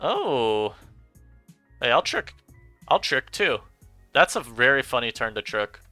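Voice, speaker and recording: A man giving chatty, animated commentary over his own gameplay as a streamer, laughing often. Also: medium pitch, slow pace, dry recording, faint music behind. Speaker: online game streamer.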